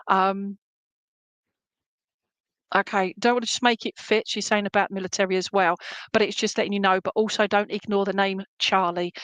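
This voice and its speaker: A woman's voice: medium pitch, a bit bright, clear, resonant tone, no room sound, rough recording. A middle-aged woman serving as a spiritualist medium, giving rambling, affectionate clairvoyant readings at an online church service, with many fillers and restarts.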